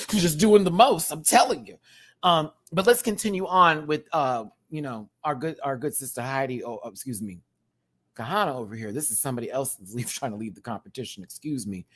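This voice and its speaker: A man's voice: medium pitch, brisk. A man who performs in drag, giving a sassy, slangy rant reviewing a reality show and thanking his viewers. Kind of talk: casual reaction rant.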